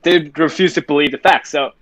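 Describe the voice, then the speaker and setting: A man's voice: fairly high pitch, brisk, fairly bright tone, lo-fi sound. A young man hosting a casual voice-call chat, rambling with plenty of fillers. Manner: rambling, lots of fillers and laughs. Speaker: host.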